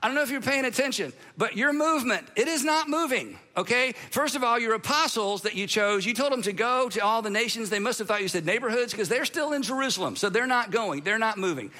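A man's voice: extremely high pitch, expressive, quick pace, few pauses, pushed and bright, in a large hall, voice pushed up, exaggerated voice. A man voicing an impatient divine father who scolds his son bluntly and with wisecracks. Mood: exasperated.

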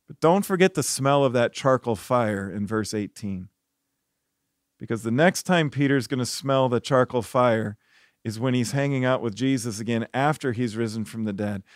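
A man's voice: medium pitch, dry recording. Earnest male pastor, dry close sound. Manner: earnest storytelling, rising when animated, dropping soft for reflection. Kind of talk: devotional sermon.

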